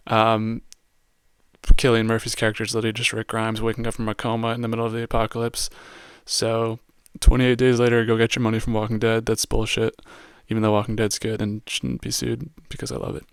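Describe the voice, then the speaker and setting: A man talks through a movie review in a loose, slangy way, leaning on "like" constantly. His voice is smooth and fairly flat in pitch. The recording is dry, with no room sound. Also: fairly quick, no echo. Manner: casual, heavy use of "like" and slang. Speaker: podcast host reviewing a film. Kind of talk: casual movie review monologue.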